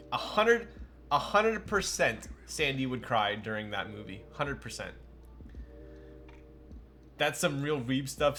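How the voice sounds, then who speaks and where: A man's voice: mid-range voice, sharp tone. A young man streaming live, chatting casually and joking at his own expense while building a keyboard and answering his chat. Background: faint music.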